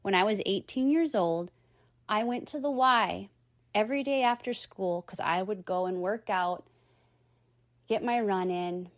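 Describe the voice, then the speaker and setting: A woman's voice: medium pitch, measured pace, no echo, clean studio sound. A woman in her thirties telling a personal story and giving earnest, encouraging advice. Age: 30s.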